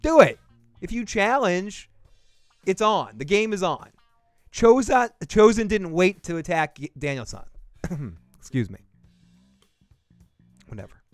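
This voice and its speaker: Profane, rambling Boston man, smooth voice. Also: high voice, big pitch swings, unhurried, pauses often, no echo, faint music behind. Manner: profane, rambling, jokey riffing. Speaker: podcast host recapping a TV episode. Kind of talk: casual review chat.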